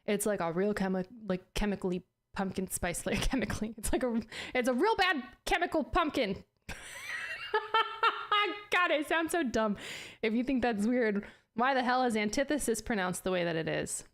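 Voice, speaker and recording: A woman's voice: fairly high pitch, moderate pace. A woman streaming and chatting casually, playful and self-mocking, laughing often and cursing now and then as she trips over words. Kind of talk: casual chat.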